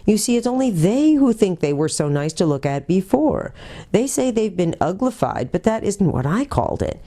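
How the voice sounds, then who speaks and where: A woman's voice: medium pitch, very animated, normal speed, mellow, voice pushed up. A woman voicing a kindly, chatty old male magician in a storybook read-aloud. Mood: gentle.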